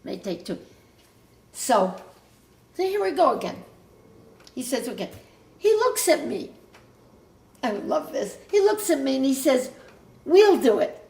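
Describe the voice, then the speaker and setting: A woman's voice: sits high, big pitch swings, a little slow, vocal fry, long pauses, a little mellow, roomy sound. An older woman telling stories about her family's past to her grown child in a casual, rambling way, often breaking off mid-sentence and starting over. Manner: rambling, self-interrupting storyteller. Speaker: mother recounting family history.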